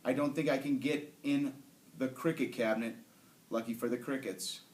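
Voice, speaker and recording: A man's voice: mid-range voice, fairly even intonation, moderate pace, a little mellow, lightly acted. A man voicing a small, cheerful male pet hamster in a children's storybook reading, in a roomy-sounding recording. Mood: earnest. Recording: roomy echo.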